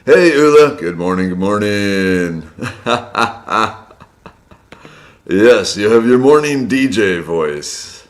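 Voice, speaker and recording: Low-voiced male stream host, a bit hoarse, friendly and chatty, greeting viewers from home. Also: animated, slow pace. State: slightly hoarse from a long day of loud speaking. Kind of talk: casual live-stream chat greeting viewers. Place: indoors at his home.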